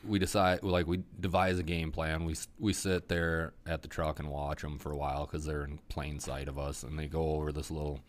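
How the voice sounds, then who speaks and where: A man with a remarkably low, rumbling voice tells a hunting story in a loose podcast chat. He talks with lively energy and swears freely. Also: moderate pace.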